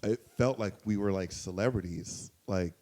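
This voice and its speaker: A young man telling a story on a comedy podcast, casual and profane, lively, with loud outbursts when he quotes people. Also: fairly low pitch, normal speed. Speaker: guest storyteller.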